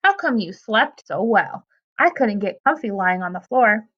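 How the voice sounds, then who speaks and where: A woman voicing a brisk, sensible young girl in a storybook reading, on a dull lo-fi recording. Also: mid-range voice, big pitch swings. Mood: teasing.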